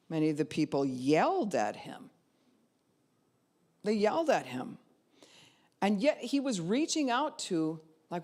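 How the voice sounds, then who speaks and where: A woman pastor preaching a sermon, retelling a scripture story with lively voices for its figures and rising to loud cries at its peaks. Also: medium pitch, moderate pace, long pauses.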